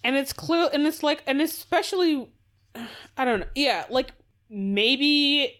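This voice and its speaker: A woman's voice: high-pitched, a little slow, a bit bright. A woman co-hosting a podcast in casual discussion, rambling with restarts, sighs and swearing. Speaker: podcast co-host.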